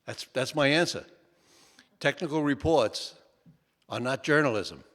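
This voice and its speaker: A man's voice: mid-range voice, expressive, measured pace, fairly bright tone. An older man, an author, tells folksy stories to an audience, often restarting and tossing in "okay?" as he goes. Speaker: author speaking at a book talk. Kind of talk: relaxed anecdotal talk to an audience. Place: lecture hall. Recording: long hall reverb.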